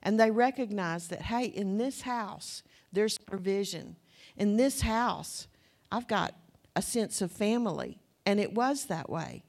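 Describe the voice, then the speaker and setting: A woman's voice: medium pitch, lively intonation, measured pace, darkish tone. Southern woman teaching a folksy sermon. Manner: conversational, anecdotal, folksy asides. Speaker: Bible teacher.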